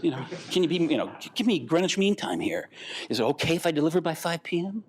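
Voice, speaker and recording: An older man giving a conference talk, animated and rambling, acting out the voices of the people in his stories. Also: on the high side, fast, slightly rough. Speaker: guest speaker.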